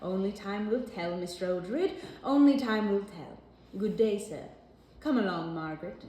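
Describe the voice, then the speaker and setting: A woman's voice: on the low side, normal speed, mellow, lightly acted. A woman reading a cold orphanage headmistress. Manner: clipped and cool. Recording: roomy echo.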